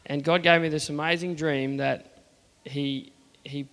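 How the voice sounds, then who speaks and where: A man's voice: on the high side, steady tone, unhurried, a bit bright, long reverb tail. Earnest Australian man telling a testimony. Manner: earnest, plain-spoken, acts out the dialogue. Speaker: churchgoer telling his faith story. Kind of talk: personal testimony storytelling.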